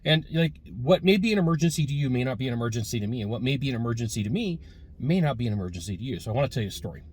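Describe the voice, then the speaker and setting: A man's voice: medium pitch, lively intonation, very fast, a little mellow, slightly rough, dry recording. Rambling male sales trainer telling a story. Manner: casual, rambling, many fillers and restarts. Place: in a car.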